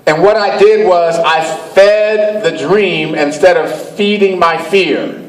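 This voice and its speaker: A man's voice: sits high, takes it slowly, few pauses. A man from Cleveland, Ohio giving a motivational speech to an audience, emphatic and storytelling, repeating his phrases. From Cleveland, Ohio, USA. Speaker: motivational speaker. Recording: echoey, far from the mic.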